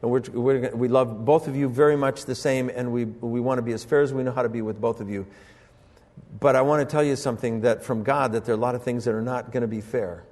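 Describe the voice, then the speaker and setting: Storytelling older preacher in a reverberant hall. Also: male voice, steady tone, quick pace, a little mellow. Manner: storytelling preacher, acts out voices with sudden high pitch jumps. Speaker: pastor. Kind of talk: sermon. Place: church sanctuary.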